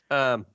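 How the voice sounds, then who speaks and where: A man narrating as game master of a tabletop game, in an unhurried, halting way full of fillers. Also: extremely high pitch, pushed and bright, slightly rough, no echo. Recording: dull, dry lo-fi stream audio.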